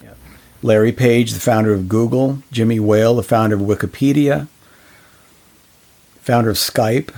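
Co-hosting a podcast, a man talks earnestly in casual discussion, full of fillers and restarts. His mid-range voice is a little mellow, moves at normal speed, and pauses often.

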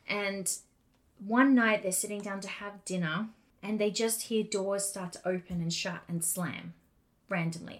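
A woman co-hosting a podcast, telling a haunting story in a casual, animated way with quick asides. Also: medium pitch. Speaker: podcast co-host.

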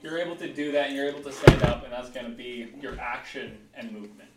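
A man running a tabletop game as game master, relaxed and often repeating himself. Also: medium pitch, fast, echoey room, distant mic, loud music behind the voice.

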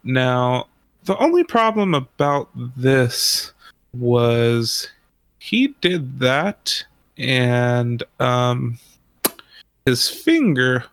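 A man in a mid-range, expressive, slightly bright voice tells a long story very slowly, rambling casually, swearing often, and laughing along the way. The recording is dry.

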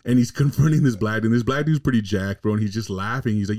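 A man's voice: lowish voice, quick pace, few pauses, a little mellow. A man hosting a podcast, chatting casually and telling a story in a loose, profane way. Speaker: podcast host. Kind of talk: casual chat.

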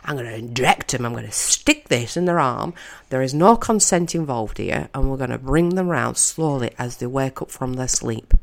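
A woman's voice: very deep voice, animated, normal speed, gravelly, full character voice. A woman voicing a blunt male scientist who explains a procedure in an offhand, matter-of-fact way.

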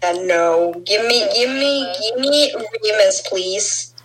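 A woman's voice: medium pitch, expressive, slow pace, over a noisy crowd, low-quality recording. A woman from Norway with a southern Norwegian accent, co-hosting a casual group podcast in a playful, giggly way. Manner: giggly, playful, trails off and restarts. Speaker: podcast co-host.

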